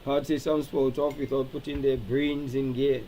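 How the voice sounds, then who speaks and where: A man hosting a live-stream talk, animated and preacherly, reading out viewer comments and acting out quoted speech. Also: mid-range voice, moderate pace, slight background noise, rough recording. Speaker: show host.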